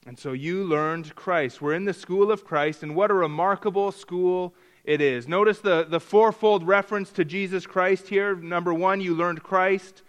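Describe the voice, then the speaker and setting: A man with a fairly high voice delivers a sermon as a pastor. He teaches step by step, leaning on key words and repeating phrases for emphasis. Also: moderate pace, few pauses.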